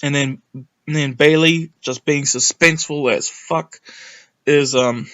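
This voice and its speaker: Young guy rambling thru a wrestling recap, kinda high bright voice, gets hyped and swears a bit. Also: slow pace. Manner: rambling, excitable, sweary, lots of ums. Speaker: wrestling reviewer. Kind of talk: casual recap monologue.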